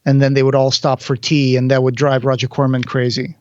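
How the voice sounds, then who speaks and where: A man's voice: medium pitch, completely flat delivery, a little fast, darkish tone, no room sound, dull audio. A man co-hosting a podcast, giving a casual, joking commentary on a film as it plays. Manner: chatty, joking, reads quotes in an announcer voice. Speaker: podcast co-host.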